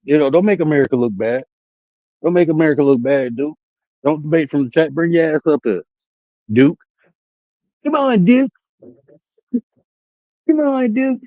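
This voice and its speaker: Man, livestream rant, profane and confrontational, mellow tone, dry slightly muffled audio. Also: on the high side, brisk, no echo. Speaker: streamer and life coach. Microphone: streaming setup mic.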